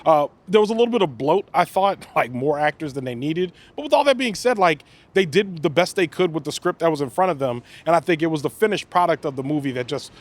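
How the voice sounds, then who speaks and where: A man's voice: on the high side, fast talker, few pauses. A man hosting a podcast, chatting casually about a film, loose and rambling with lots of fillers. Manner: relaxed, rambling, lots of "like" and restarts. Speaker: podcast host. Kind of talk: casual movie review chat.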